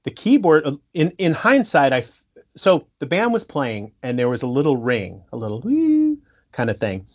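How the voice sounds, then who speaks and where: A man telling stories in a casual podcast interview, animated, laughing often and restarting his sentences. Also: mid-range voice, normal speed, dull audio. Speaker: guest musician and sound engineer.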